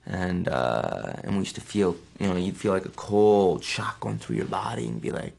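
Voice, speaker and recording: A man in his thirties, an actor from New Jersey, answers interview questions in a low, gravelly voice. He tells his stories with a lot of animation, and when he quotes people his voice jumps up into high yelps. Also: lively intonation, normal speed, darkish tone.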